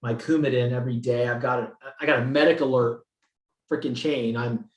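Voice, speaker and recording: A man from the San Francisco Bay Area, a guest in an interview, telling his story in an animated, profane way and acting out what people said. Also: medium pitch, brisk. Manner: animated, profane, acts out quotes. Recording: roomy echo.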